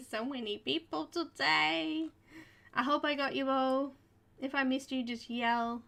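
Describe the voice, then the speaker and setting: A woman's voice: high-pitched, steady tone, takes it slowly, creaky, fairly bright tone. An Australian woman hosting a live coloring tutorial, chatty and welcoming, laughing often as she greets viewers. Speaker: art tutorial host.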